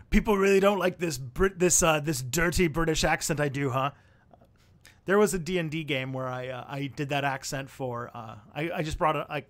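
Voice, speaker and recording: Answering viewer questions on a laid-back livestream, this young host rambles, thinks out loud, and fills his speech with fillers and restarts. He speaks with a fairly high, slightly bright voice.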